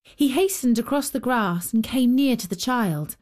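A woman hosting a storytelling show, reading a children's story in a slow, expressive narration. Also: on the high side. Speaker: storyteller host. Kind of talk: scripted narration.

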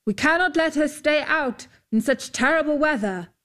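Brief: a woman playing an earnest, courtly knight, slow and formal, for a read-aloud tale. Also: medium pitch, lightly acted. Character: brave young male knight, courteous and earnest.

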